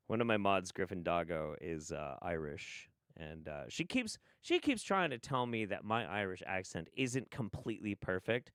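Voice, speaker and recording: Man, livestream commentary, sarcastic, swearing, lively swinging pitch, dry close sound. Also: normal speed, hardly any pauses, clean tone, no echo. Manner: sarcastic, profane, animated. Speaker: streamer reacting to clips. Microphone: studio mic.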